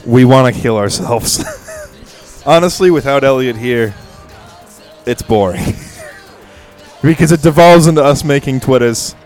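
A man's voice: medium pitch, expressive, measured pace, pauses often, darkish tone, soft background music. A young man co-hosting a podcast, bantering in a goofy, rambling way. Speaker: podcast co-host. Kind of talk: joking casual chat.

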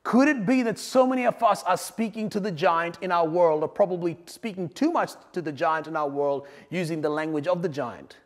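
A man delivers a sermon in a high, ringing voice, building to loud emphatic points and then dropping to quiet asides. His words trail off into the long reverb of a large hall. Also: brisk, hardly any pauses. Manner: dynamic preaching, swings between loud emphasis and quiet asides. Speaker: pastor.

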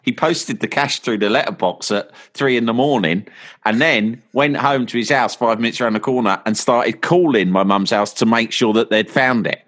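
A man tells a long, meandering story in an easy, chatty way. His pitch sits in an ordinary middle range, and he slips into voices for the people he quotes. It sounds like a podcast guest talking casually. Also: moderate pace. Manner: animated anecdotes, voices friends in quotes.

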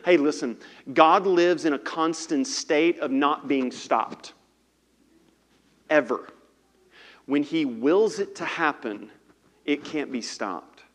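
A middle-aged man preaches with an animated, joking delivery and a fairly high voice. He acts out the characters in his story as he goes. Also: slow, pauses often. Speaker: pastor. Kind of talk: sermon.

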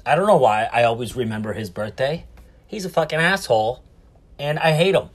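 Speaking a little fast in an expressive, medium-pitched voice, this solo podcast host records casually from a cruise ship cabin. His talk is meandering and profane, and he's quick to mock himself.

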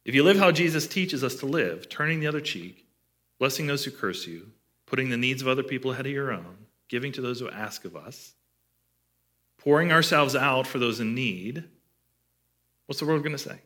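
A man delivering a sermon to his church in a bright, forward voice. He talks in a conversational way and often puts questions to his listeners. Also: mid-range voice, animated, normal speed. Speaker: pastor.

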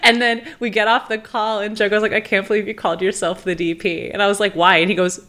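A woman co-hosting a podcast, telling a story in relaxed, wry casual chat. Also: mid-range voice, fast talker. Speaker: podcast co-host.

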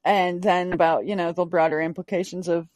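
A woman's voice: fairly low pitch, level tone, a little fast, a little mellow, dry recording. A woman hosting a podcast, chatting casually and bluntly, swearing freely and stressing her words. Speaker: podcast host. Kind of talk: casual chat.

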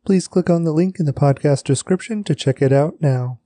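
A man's voice: fairly high pitch, brisk, dark tone, no room sound. A man hosting a daily reading podcast, speaking directly and in a friendly way to listeners as he wraps up. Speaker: podcast host. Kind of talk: podcast outro announcement.

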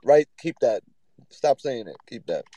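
A man's voice: medium pitch, sing-song, a little slow, dark tone, no room sound, highs cut off. A man in a casual live-audio chat, egging the others on while laughing.

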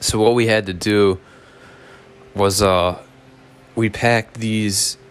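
A man with a lowish voice tells a story the way a podcast host does. He wanders off on tangents, swears freely and makes fun of himself. It sounds loose and unscripted. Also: fairly even intonation, takes it slowly, clean tone. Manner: rambling, profane, self-mocking. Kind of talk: casual storytelling monologue.

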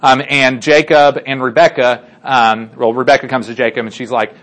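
A Bible teacher with a mid-range, fairly bright voice speaks at a moderate pace in a flat delivery with few pauses. He casually retells a Bible story to a group, chatty and full of fillers and restarts, frequently checking that listeners agree.

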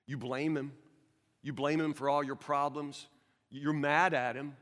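A man preaching a sermon as pastor, earnest, with stammering restarts, swinging from loud to hushed. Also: fairly high pitch, steady tone, unhurried, long reverb tail.

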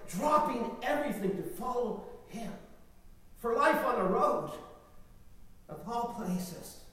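A man preaching a sermon with emphatic, repetitive phrasing and big swings between quiet and loud, in a large church hall. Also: high-pitched. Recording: echoey hall, voice from far off.

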